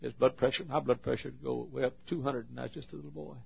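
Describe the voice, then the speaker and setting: Male pastor, middle-aged, husky voice, intense sermon delivery, loud-to-soft swings, muffled lo-fi sound. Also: mid-range voice, fairly even intonation, fast. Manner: intense, swinging from shouts to hushed tones.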